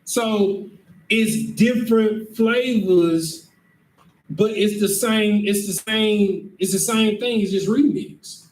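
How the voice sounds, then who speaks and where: A man's voice: high voice, takes it slowly. A man leading a scripture lesson in an emphatic way, who keeps checking that his listeners understand. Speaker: teacher leading a scripture class. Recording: echoey room, mic far off, faint noise.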